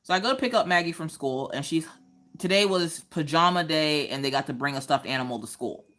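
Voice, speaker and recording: Lively low-voiced woman. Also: fairly quick. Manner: animated storytelling, acts out quoted voices. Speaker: craft livestream host. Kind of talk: casual chat while crafting.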